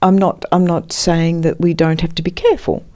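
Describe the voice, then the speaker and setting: Soft-toned woman, thoughtful and searching. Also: on the low side, level tone, brisk, slight background noise. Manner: thoughtful, searching for words, many restarts. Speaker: grief and loss counselor, former midwife. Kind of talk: reflective interview talk.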